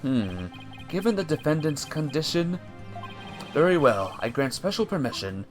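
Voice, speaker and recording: A man voicing an old, stern but kindly male judge from a courtroom game, with measured pronouncements. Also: on the high side, very animated, soft background music.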